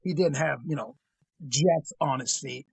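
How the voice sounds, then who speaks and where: A man's voice: on the high side, a little slow, vocal fry, slightly rough, dry recording. A man telling a crime story in a casual, blunt, profane way.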